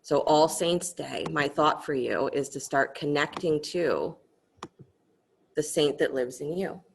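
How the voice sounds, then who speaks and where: A woman yoga teacher guiding an online class, speaking softly and gently and telling a story as she instructs. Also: low voice, slow pace, gravelly, slight background noise. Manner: soft-spoken, gentle and instructive.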